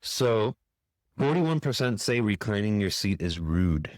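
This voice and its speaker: A man with a very low voice chats casually on a podcast, reading out survey figures in an easygoing way. The sound is dry and close. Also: a little slow, dry recording. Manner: relaxed, reads out figures conversationally. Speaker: podcast co-host. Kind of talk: casual chat.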